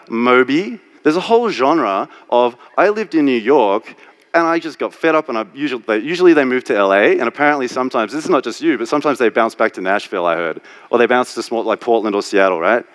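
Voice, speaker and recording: Guy doing a live strategy talk on stage, candid, jokey, kinda animated. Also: mid-range voice, fast talker, hardly any pauses. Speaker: strategy speaker. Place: conference stage.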